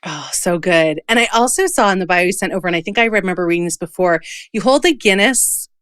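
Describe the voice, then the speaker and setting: A woman's voice: lowish voice, expressive, fast talker, a bit bright, clean tone, no echo, clean studio sound. A woman hosting a podcast, talking in a gushing, enthusiastic way with her guest. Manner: gushing, enthusiastic fan talk. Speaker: podcast host. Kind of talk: casual chat.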